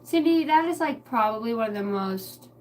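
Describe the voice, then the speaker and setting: A woman's voice: fairly high pitch, normal speed. Brief: young woman psychic streamer, casual rambling chat, lots of swearing, faint background noise at home. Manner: rambling, swears a lot, animated. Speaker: livestream psychic reader.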